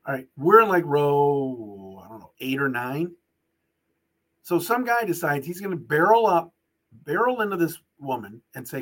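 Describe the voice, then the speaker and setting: A middle-aged man hosting a podcast, telling a story in an animated, ranting way. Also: a little high, normal speed. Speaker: podcast host. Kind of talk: casual podcast monologue and ad read.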